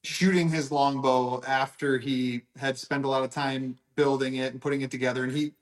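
A man's voice: medium pitch, flat delivery, moderate pace. A man, a radio guest telling family stories in a friendly, easygoing way. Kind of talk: casual radio interview.

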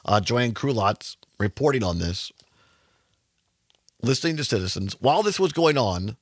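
A man's voice: mid-range voice, lively intonation, moderate pace, no echo, studio quality. A man hosting a radio talk show, giving emphatic, conversational commentary and sometimes correcting himself mid-sentence.

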